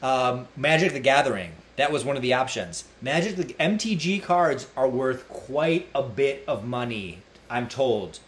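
A man's voice: medium pitch, animated, measured pace, few pauses, a little hiss or hum. Man, American accent, podcast co-host, jokey, easygoing, musing. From United States. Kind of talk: casual comedic podcast chat.

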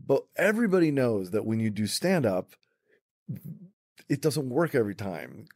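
A man's voice: mid-range voice, sing-song, normal speed, a little mellow, no echo, clean studio sound. A man co-hosting a podcast, asking long, rambling questions with jokes. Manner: rambling, joking questions with restarts. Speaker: podcast co-host. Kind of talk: casual podcast chat.

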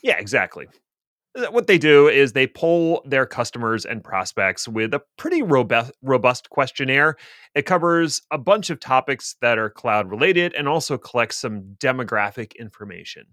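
Podcast co-host, male, mid pitch, explanatory with wry asides, dry close-mic sound. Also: pushed and bright, dry recording. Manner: dry self-deprecating humor, explanatory. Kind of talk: casual tech podcast chat.

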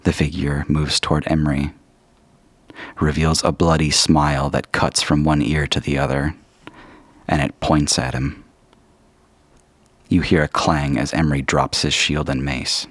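Deep husky-voiced game master narrating. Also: male voice, flat delivery, dry recording. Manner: measured, descriptive storytelling.

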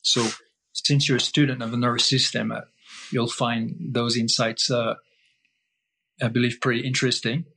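Guest man, mid-pitched voice, emphatic and repetitive teacher who answers his own questions. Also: little pitch movement, moderate pace, pushed and bright, slightly rough. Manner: emphatic, repetitive, asks himself rhetorical questions. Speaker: guest breath-holding teacher. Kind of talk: explaining in conversation.

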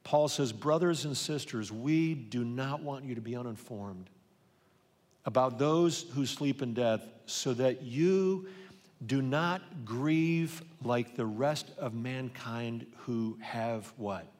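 A man's voice: mid-range voice, slow pace, a little mellow. Earnest man preaching in a reverberant hall. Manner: earnest, personal storytelling with many restarts. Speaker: pastor. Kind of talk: sermon. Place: large church hall. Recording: live sermon with long hall reverb.

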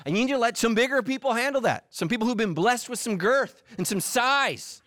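Male pastor, middle-aged, comic sermon, lively up-and-down voice, dry close sound. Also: extremely high pitch, a little fast, no room sound. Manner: animated, acts out voices and quotes. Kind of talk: humorous sermon.

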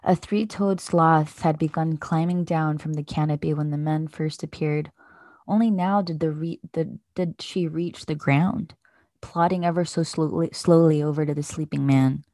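A woman podcast host reading a children's picture book aloud in a gentle, measured way. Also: sits low, steady tone, no echo, clean studio sound.

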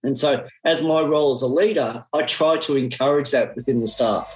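An Australian man speaking as a podcast guest, earnest and conversational. He often restarts his phrases and acts out what he would say to people. His pitch sits in the middle for a man. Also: a little fast, noisy background. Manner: earnest, with frequent restarts and quoted self-talk. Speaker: teacher and digital learning coach, podcast guest. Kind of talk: conversational interview answers.

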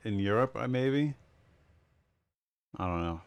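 A young man co-hosting a gaming news podcast in casual chat, relaxed and laughing often as he explains the news. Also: fairly low pitch, takes it slowly, lo-fi sound, a crowd in the background. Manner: relaxed, laughs often, many fillers and restarts while explaining. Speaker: podcast co-host.

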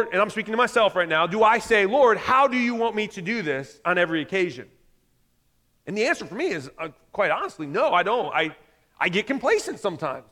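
A man's voice: high voice, a bit bright. A man preaching a conversational sermon, often acting out quoted voices as he speaks. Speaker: pastor. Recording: reverberant hall.

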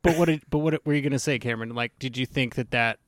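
Male podcast host, casual chat, mid-pitched voice, dry close sound. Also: fast, no echo. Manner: reads listener comments aloud.

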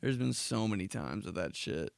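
Profane, animated young man ranting. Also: normal speed, gravelly, no echo, studio quality. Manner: profane, animated, acts out mocking quotes in shrill voices. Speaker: podcast host. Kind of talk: casual solo podcast rant.

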